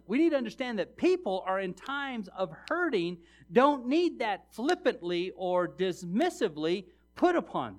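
A middle-aged man with a high voice preaches to his congregation. He tells stories, drops to a hush, then rises loud and emphatic as he speaks straight to his listeners. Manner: storytelling, swings from hushed to loud and emphatic; preaches with direct address to the congregation. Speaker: pastor. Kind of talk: sermon.

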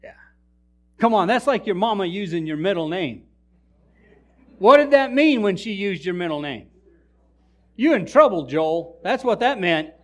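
A man's voice: high voice, moderate pace, long pauses. A male pastor preaching a sermon, telling funny stories and joking with his congregation. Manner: animated storytelling preacher, jokes with the congregation. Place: church.

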